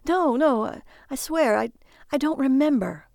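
A woman's voice: sits high, animated, a little slow, gravelly, darkish tone, no echo, voice pushed up, heavily acted. Brief: tired male out-of-towner in a storybook reading, polite, dry, sarcastic, voiced by a woman. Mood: weary. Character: weary, puzzled male stranger.

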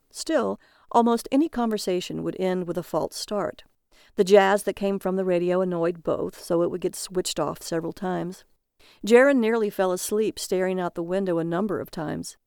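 A woman reading a story aloud in a steady, measured narration. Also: fairly low pitch, vocal fry, clean tone, no echo, studio quality.

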